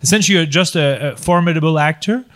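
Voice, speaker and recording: A man from co-hosting a podcast in casual chat, hesitant and halting. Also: on the high side, fairly bright tone. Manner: hesitant, many fillers and restarts. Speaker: podcast co-host.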